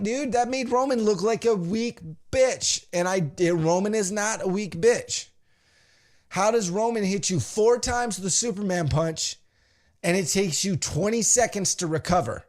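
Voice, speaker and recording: A young man hosts his podcast, recapping a wrestling show in an animated, profane way. He acts out what the wrestlers said as he goes, and his voice sits a bit high for a man. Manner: animated, profane storytelling with acted-out quotes. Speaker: podcast host.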